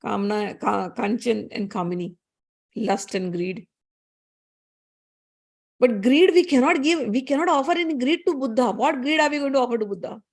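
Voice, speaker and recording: A woman giving a spiritual talk. She retells a story in a lively way, with many restarts and asides. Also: on the high side, moderate pace, vocal fry, long pauses. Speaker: spiritual teacher. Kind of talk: storytelling scripture discourse.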